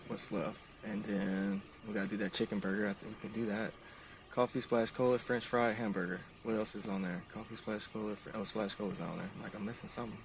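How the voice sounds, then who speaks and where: A man's voice: lowish voice, flat delivery, fast talker, far from the mic, dull audio, background noise. A man narrating each step of a game to his stream chat in an upbeat, casual way.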